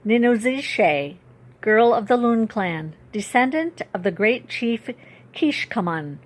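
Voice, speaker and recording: A woman reading the lines of a very old, wise great-grandfather, gentle and calm, speaking slowly and soothingly. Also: a little high. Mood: gentle reassuring. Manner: slow, soothing, reassuring speech.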